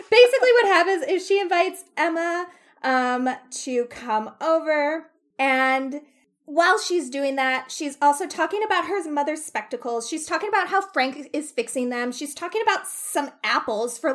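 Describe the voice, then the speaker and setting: A young woman casually recapping a book on a podcast, acting out the characters in quick voices and laughing often. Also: sits high. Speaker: podcast co-host.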